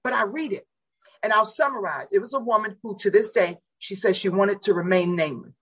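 Husky, animated woman preacher telling stories. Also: brisk, poor audio. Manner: dramatic, acts out the voices in her stories with big pitch leaps. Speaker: pastor and guest. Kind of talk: animated testimony storytelling.

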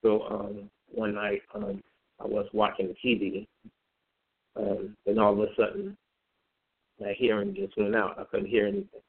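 A man telling his personal story in a halting, conversational way, with many fillers and repeated words. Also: fairly low pitch, sing-song, gravelly, slightly rough. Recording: phone-like narrow band.

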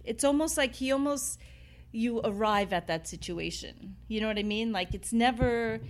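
A woman's voice: fairly high pitch, normal speed. Rambling New woman telling bar stories. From New York City. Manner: rambling, full of "you know" and "like", laughs while telling stories. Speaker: bar owner, interview guest. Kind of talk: casual interview chat. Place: inside an old bar.

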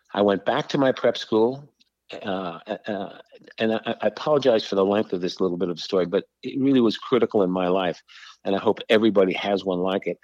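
Older man guest from New York, low voice, lively storyteller, dull dry recording. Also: no room sound. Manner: animated storyteller, acts out dialogue, frequent restarts. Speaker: podcast guest. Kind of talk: storytelling in a conversation.

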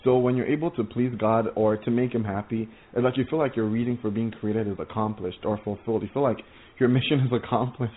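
A man's voice: mid-range voice, quick pace, a little hiss or hum. Earnest stammering preacher man, tinny sound. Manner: rambling, stammering restarts, earnest and excitable. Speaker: preacher sharing visions. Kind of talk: informal testimony sermon. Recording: tinny phone-like audio.

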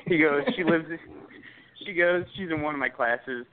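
A man's voice: fairly high pitch, fairly quick. A young man co-hosting a podcast, telling a rambling story in casual chat, full of "like" and swearing. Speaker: podcast co-host. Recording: tinny phone-like sound.

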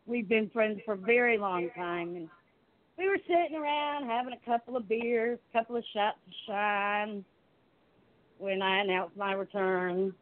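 A woman's voice: medium pitch, moderate pace. A woman with a Southern US accent, a wrestling manager, talking in a flirty, playful way during a casual interview. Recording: phone-like narrow sound.

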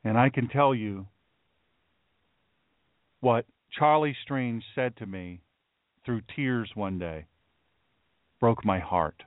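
A man's voice: medium pitch, slow, long pauses, dry recording. A man hosting a talk radio show, speaking in a solemn, emphatic way and repeating phrases for weight. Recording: dry, narrow phone-like sound.

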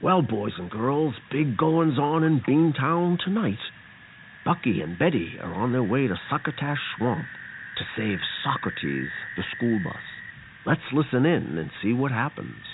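A man putting on a deep, slow storyteller voice to introduce a children's radio drama, heard through a tinny, hissy line. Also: very animated. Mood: storytelling. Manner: slow, drawn-out announcing.

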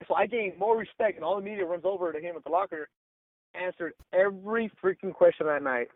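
High-voiced man on a tinny line. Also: quick pace, dry recording. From Los Angeles. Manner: animated, acts out quotes, says "like" and "bro" often. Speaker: sports reporter, guest. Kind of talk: casual interview storytelling.

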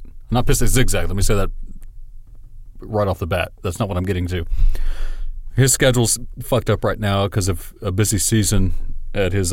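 A man hosting a podcast alone, ranting angrily and swearing nonstop about software that crashed. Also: on the low side, no echo, clean studio sound. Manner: angry, swearing constantly. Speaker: podcast host. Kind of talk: profane solo podcast rant.

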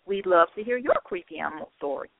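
A woman's voice: on the low side, sing-song, fast talker, gravelly, no echo. A woman hosting an internet radio show in a friendly, chatty way, laughing easily as she talks with her co-host. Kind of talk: casual internet radio chat. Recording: tinny phone line.

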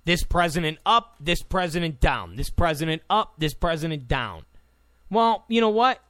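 A man's voice: fairly high pitch, animated, moderate pace, fairly bright tone, no room sound. A man giving a heated political rant, repeating his points with sarcastic asides. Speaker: political commentator.

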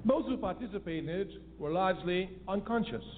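A man's voice: high-pitched, animated, fairly quick. A man giving an emphatic political lecture, repeating key phrases for stress. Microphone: phone line. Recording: tinny phone-line audio with faint noise.

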